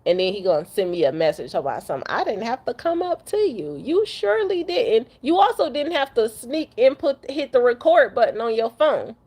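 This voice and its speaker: A woman's voice: fairly high pitch, very animated, brisk, hardly any pauses, a little mellow, breathy edge. Young woman trucker from detroit ranting straight into the camera, upset and cussing, keeps repeating herself. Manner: blunt, cussing, repeats itself. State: upset after crying. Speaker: truck driver vlogger. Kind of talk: emotional rant to camera.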